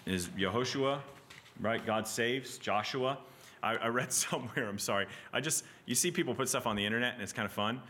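Bright-voiced man teaching Bible class. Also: medium pitch, brisk, a little hiss or hum. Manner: animated, with frequent "right?" and restarts.

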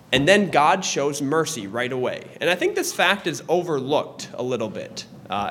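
A young man teaching a church class in a conversational way, pausing and correcting himself as he goes. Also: a little high, a bit bright. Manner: conversational, with pauses and restarts. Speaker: Sunday school teacher.

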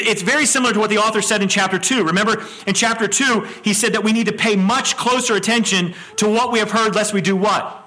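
A man's voice: sits high, bright, forceful tone. A middle-aged male pastor preaching an expository sermon, often repeating words as he starts a phrase and asking the congregation questions.

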